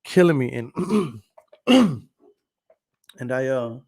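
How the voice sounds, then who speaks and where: A man, a podcast host talking loudly and passionately in a casual monologue to a camera in front of a green screen. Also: mid-range voice, big pitch swings, drawn-out words. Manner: loud, passionate talker. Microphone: camera recording.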